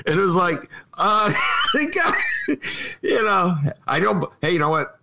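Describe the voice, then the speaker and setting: A man's voice: fairly high pitch, a little slow, vocal fry, slight background noise. A man from Chicago who hosts a political podcast, asking questions and telling stories in a loose, chatty way with laughing asides. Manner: lively storytelling, laughing asides. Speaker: podcast host. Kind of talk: casual political interview.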